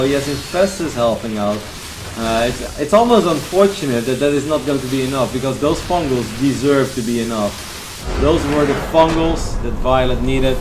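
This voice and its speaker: Male esports caster, mid-pitched, chatty analysis, roomy echo, faint ambience. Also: background noise. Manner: chatty, analytical, candid asides. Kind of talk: solo esports play-by-play commentary.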